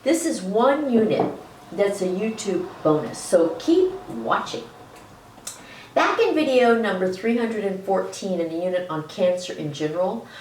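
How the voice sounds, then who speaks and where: A woman's voice: medium pitch, echoey room, far from the mic, a little hiss or hum, poor audio. A woman presenting an educational video lecture in a chatty way, laughing between points and stretching words for emphasis. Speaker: health educator.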